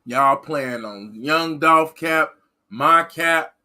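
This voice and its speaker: A man's voice: a little high, extremely slow, bright, forceful tone. A man hosting a livestream and talking to his chat in a rambling, repetitive, fired-up way. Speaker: livestream host reading chat. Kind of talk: casual livestream rant.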